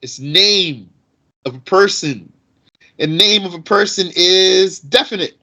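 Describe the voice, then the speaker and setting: A man teaching Arabic grammar in an explanatory lesson, asking rhetorical questions and reciting Arabic quickly. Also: sits high, lively intonation, pushed and bright, dull audio.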